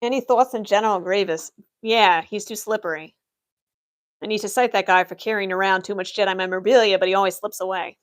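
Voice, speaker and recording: A young adult woman livestreams in character as an Imperial office worker, fielding chat questions with dry, matter-of-fact humor. She speaks a little fast at medium pitch, with fairly even intonation.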